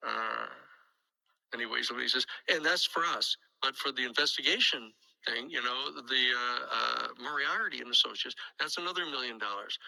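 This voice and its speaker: A man's voice: mid-range voice, a little fast, vocal fry, bright, forceful tone, rough recording. An older man telling a long story in a casual interview, acting out the voices of the people he quotes and often restarting his sentences. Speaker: guest storyteller.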